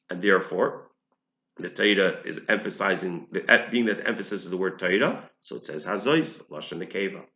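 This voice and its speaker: A man teaches a religious text in a bright, pressing voice, working through each point slowly and restating it. His words ring around an echoey room. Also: lowish voice. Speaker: Torah teacher. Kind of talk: explaining a text to listeners.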